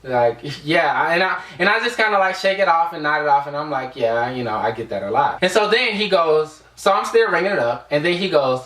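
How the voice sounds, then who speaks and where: A man's voice: a little high, lively intonation, brisk, few pauses, a bit bright, distant mic. A young man from the United States telling a casual storytime vlog, rambling with lots of fillers. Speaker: vlogger. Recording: echoey room, away from the mic.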